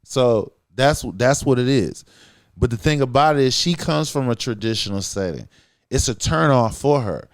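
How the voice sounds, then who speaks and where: A man's voice: mid-range voice, animated, moderate pace, smooth. A man co-hosting a podcast, talking casually in a blunt, profane, emphatic way, often checking in with "you feel what I'm saying". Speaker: podcast co-host.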